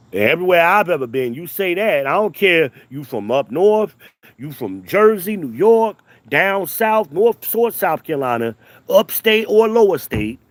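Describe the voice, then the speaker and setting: A commentator who is the father of two daughters goes on a casual but heated rant, emphatic and repetitive, his pitch often rising. He's very animated, speaks a little slowly, and there's no room sound.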